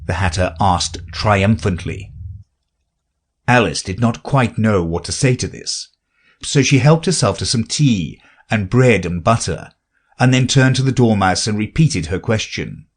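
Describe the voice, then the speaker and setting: A man reading a children's classic aloud as an audiobook narrator, in an expressive storytelling manner. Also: fairly low pitch, moderate pace, breathy edge. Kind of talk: scripted narration.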